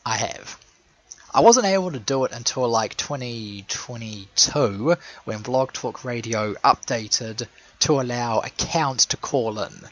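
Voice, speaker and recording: A man talking in a rambling, sarcastic commentary that often breaks into laughter. His voice is bright and sharp, and his pitch swings widely. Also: poor audio. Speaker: show fan and caller. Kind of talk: casual commentary monologue.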